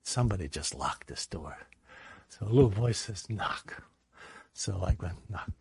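A man preaching a sermon, telling a personal story in a lively way and acting out the voices in it. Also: sits low, normal speed, gravelly, slightly rough, no room sound. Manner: animated storyteller, acts out voices.

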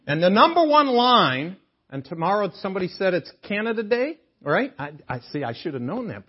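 Older man preaching, husky and lively. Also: high voice, highs cut off. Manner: animated, joking with the congregation. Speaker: guest preacher. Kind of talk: sermon. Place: chapel sanctuary.

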